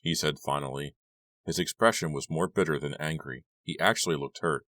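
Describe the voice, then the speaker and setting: A man narrating an audiobook in a steady, measured way. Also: a bass voice, dry recording. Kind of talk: scripted narration.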